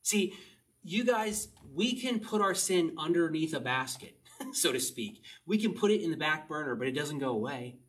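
A man's voice: on the high side, animated, normal speed, a bit bright, recorded from a distance, poor audio. A man preaching a casual sermon, reading a psalm and explaining it in a chatty way, asking his listeners questions and often chuckling. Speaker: pastor.

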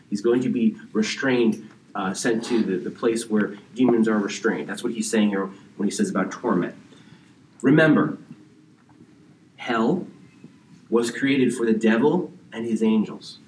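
A man's voice: fairly low pitch, darkish tone, slight background noise. A pastor preaching a conversational verse-by-verse sermon, often checking in with his listeners. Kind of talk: expository sermon. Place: church sanctuary. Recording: roomy, distant church recording with faint ambience.

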